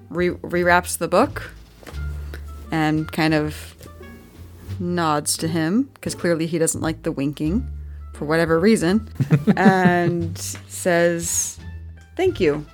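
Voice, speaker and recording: Slow-spoken woman player narrating her character. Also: fairly low pitch.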